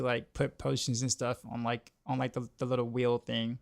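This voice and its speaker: A man chats casually while streaming a game, rambling with lots of filler. His medium-pitched voice is gravelly and fairly quick, with hardly any pauses, and he keeps saying "like" and repeating himself.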